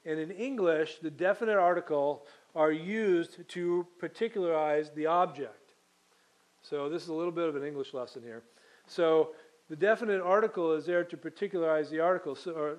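A man's voice: on the high side, darkish tone. A man preaching a sermon, reading scripture aloud and then teaching it with frequent fillers and restarts. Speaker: pastor.

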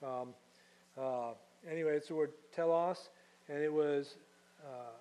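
Pastor with a fairly high voice. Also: male voice, fairly even intonation, unhurried, warm tone, rough recording. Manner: conversational teaching, asks the congregation questions. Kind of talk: sermon.

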